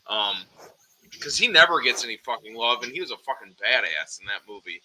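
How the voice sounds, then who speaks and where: A man chatting casually on a live stream, talking about collectibles in an excited, profane way. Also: medium pitch, brisk, a crowd in the background, poor audio.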